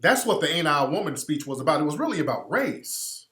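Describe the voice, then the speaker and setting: A man's voice: on the high side, big pitch swings, fast talker, fairly bright tone. A man hosting a radio show, giving a blunt, emphatic monologue and repeating his points for effect. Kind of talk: impassioned monologue. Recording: roomy echo.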